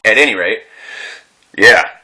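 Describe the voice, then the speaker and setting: A distressed veteran recounts his ordeal in a rambling, agitated way, swearing and restarting his sentences. His voice sits fairly low but has a bright, forceful edge. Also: unhurried. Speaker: veteran telling his story. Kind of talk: unscripted personal vlog.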